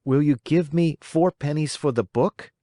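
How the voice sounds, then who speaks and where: A man's voice: fairly high pitch, a little slow, dark tone, dry recording, clean studio sound, voice pushed up, lightly acted. A man voicing a mischievous young wooden puppet boy, eager and pleading.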